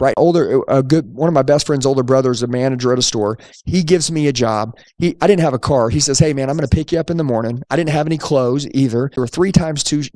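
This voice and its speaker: A man in his forties telling a story about his start in car sales, animated and acting out the voices of the people in it. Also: mid-range voice, no room sound, studio quality. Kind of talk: storytelling to an audience.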